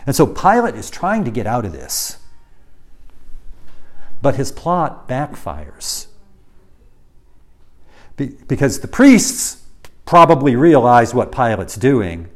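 A male Bible teacher with an animated, swinging pitch. He explains the passage conversationally, stopping and restarting phrases as he builds emphasis. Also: slow, pauses often. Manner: animated, with restarts and varied loudness.

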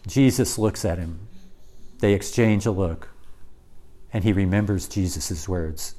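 A man preaching a sermon as dramatic storytelling, acting out quoted lines and dropping to quiet intensity. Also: deep voice, a little slow, long pauses.

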